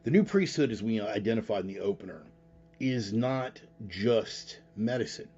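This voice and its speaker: A man's voice: on the low side, animated, normal speed, darkish tone, slightly rough, muffled recording. A man hosting a casual live show, talking bluntly and rambling, with frequent profanity. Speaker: podcast host. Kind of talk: casual livestream talk.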